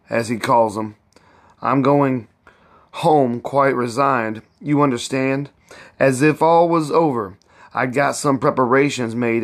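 A desperate young husband, mournful and resolute in his earnest speech, as read by a male narrator. The delivery is slow and heavy, in a medium-pitched voice. It is a storybook reading.

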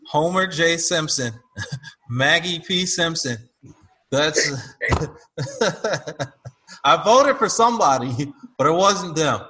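A man's voice: fairly high pitch, lively intonation, takes it slowly, pauses often, pushed and bright. A man on a political talk show, speaking in a wry, joking way.

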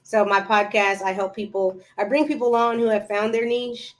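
A woman's voice: mid-range voice, fairly even intonation, normal speed. A woman guest on a podcast chatting casually and telling stories, acting out her own past dialogue. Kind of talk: casual interview chat.

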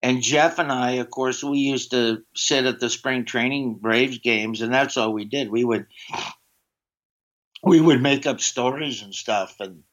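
A comedian telling rambling stories in a casual interview, with lots of fillers and quick switches into a drawling character voice for quoted lines. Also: mid-range voice, a bit bright. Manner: rambling anecdotes, slips into a drawling put-on voice for quotes. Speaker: comedian guest. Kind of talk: casual storytelling. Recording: dull lo-fi sound.

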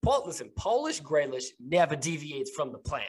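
A man narrating as game master in a tabletop game podcast, relaxed and hesitant, laughing often. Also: a little high, moderate pace.

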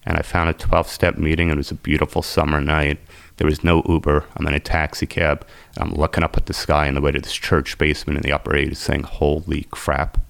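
A man's voice: level tone, fast, hardly any pauses, a bit bright, no echo. A man earnestly telling the story of his own recovery, quoting what people said to him. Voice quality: very deep gravelly voice. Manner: earnest, intense, quotes people as he retells. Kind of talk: emotional personal storytelling.

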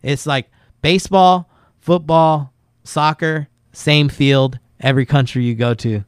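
A man's voice: on the high side, steady tone, a little slow, smooth, no echo, studio quality. A man talking casually on a podcast, laid-back and rambling, swearing a lot as he tells skate stories. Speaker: guest skateboarder.

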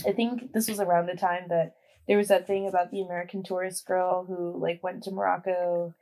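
A woman's voice: on the low side, level tone, a little fast, mellow. A young woman in her twenties, a podcast guest chatting casually, with many fillers and easy giggles. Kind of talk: casual chat.

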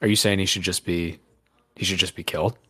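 A man's voice: deep voice, steady tone, fairly quick, bright, forceful tone, slightly rough, no room sound. A man hosting a podcast in casual chat, rambling and sarcastic, swearing casually. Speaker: podcast host.

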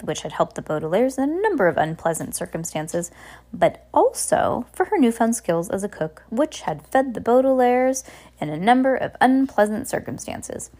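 A woman's voice: medium pitch, sing-song, moderate pace, a little mellow. A young adult woman reading a storybook aloud to her child, casual, with restarts and chatty asides.

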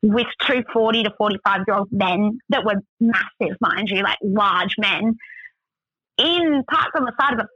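A woman's voice: medium pitch, normal speed, bright, forceful tone, dry recording, lo-fi sound. An Australian woman telling a story as a guest in casual chat, full of "like" fillers. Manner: chatty, many "like" fillers.

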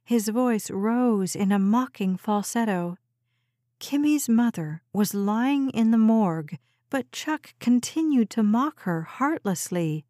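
A woman reads a suspense novel aloud as an audiobook narrator, unhurried and measured. Her tone is warm and mellow, recorded close and dry with no room sound. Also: a little high, no room sound. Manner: measured, even storytelling. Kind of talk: scripted narration.

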